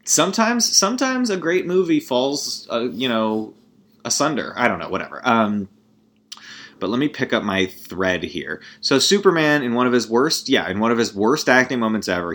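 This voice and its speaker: A man's voice: medium pitch, fairly bright tone. A man ranting casually about a movie, rambling and profane, with sarcastic laughing asides. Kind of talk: casual comedic movie rant.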